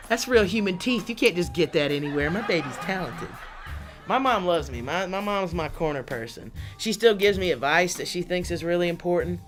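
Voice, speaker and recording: A woman doing a stand-up comedy set in a studio, animated and chatty, laughing often through her lines. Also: lowish voice, brisk, music in the background. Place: studio under lights.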